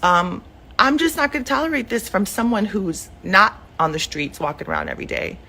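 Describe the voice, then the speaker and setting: A middle-aged mother records herself on camera in her living room, making an emotional, heated statement that rambles with many fillers. Her medium-pitched voice is sing-song, creaky, and sharp, and she speaks fairly quickly.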